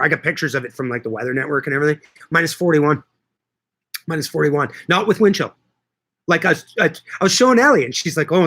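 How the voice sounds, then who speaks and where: A middle-aged man hosts a loose livestream, talking to his viewers and reacting to their comments. His voice sits a little high for a man and rings bright and forceful. He jokes around and swears offhandedly. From Canada. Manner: chatty, joking, casually profane. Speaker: livestream host and market grower. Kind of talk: casual livestream chat answering viewer comments.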